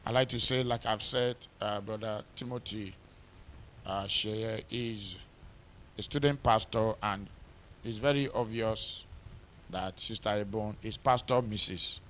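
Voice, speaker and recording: A man's voice: on the low side, measured pace, a bit bright, a little hiss or hum. A middle-aged man preaching at a pre-wedding church service, reading scripture aloud with rising emphasis, repeating words and using many fillers. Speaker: pastor. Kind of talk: wedding sermon.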